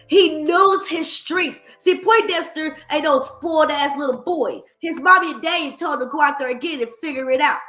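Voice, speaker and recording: Brash woman streamer, high bright voice, mocking and animated, in an echoey room. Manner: blunt, animated, profane, mocking impressions. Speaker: streamer commentator. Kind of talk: reaction commentary.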